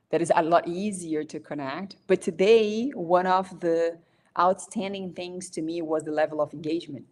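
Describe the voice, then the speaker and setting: A woman speaking as a guest in a casual live-stream chat, talking in an earnest, encouraging way. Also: fairly low pitch.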